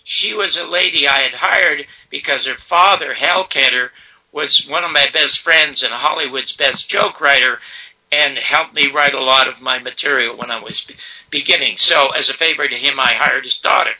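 An older man telling stories as an interview guest, animated and acting out the dialogue he quotes. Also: mid-range voice, normal speed, poor audio. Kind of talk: storytelling interview.

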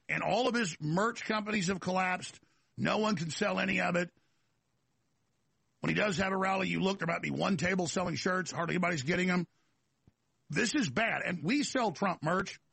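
Gravelly, high-voiced talk show host, rambling. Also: male voice, a bit bright, no echo. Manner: rambling, emphatic, full of restarts and repeated words. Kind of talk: political talk monologue.

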